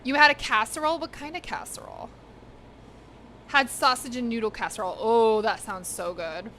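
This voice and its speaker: A woman's voice: fairly high pitch, normal speed, sharp tone, slight background noise. A young woman casually chatting with her live chat while she cooks in her home kitchen. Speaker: cooking streamer.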